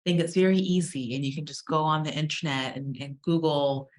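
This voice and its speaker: A woman's voice: low-pitched, brisk. A woman hosting a casual podcast, chatty and laughing easily as she interviews a guest. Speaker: podcast host and law firm owner.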